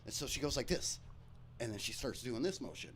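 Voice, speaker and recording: A man hosting a live stream, telling comic stories from his life in a profane, animated way. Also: medium pitch, slight background noise. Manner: profane, animated, quick jokes. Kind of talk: comedic storytelling.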